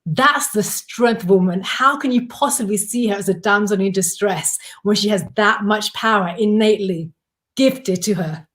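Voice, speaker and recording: A woman's voice: medium pitch, normal speed, a bit bright. A woman on a panel speaking passionately and emphatically. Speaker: panel guest. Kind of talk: live panel discussion.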